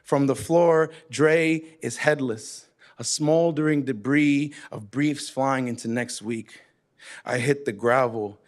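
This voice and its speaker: A man's voice: medium pitch, slow pace. A man performing a spoken word poem with rhythmic, emphatic delivery, slipping in Spanish phrases. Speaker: poet.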